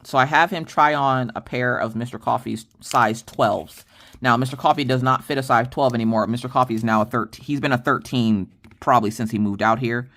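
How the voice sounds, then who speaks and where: A middle-aged woman hosting a casual chat vlog, telling stories to her viewers in an animated, exasperated way. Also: a bass voice, brisk. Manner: animated, exasperated storytelling addressing viewers as y'all. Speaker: crafting vlog host.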